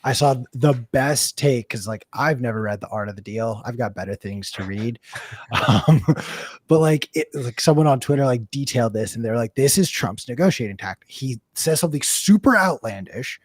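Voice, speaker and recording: A man of middle pitch co-hosting a casual panel discussion, talking in a chatty, filler-heavy way. His voice is recorded dry and close. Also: animated, normal speed, no echo. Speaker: podcast co-host.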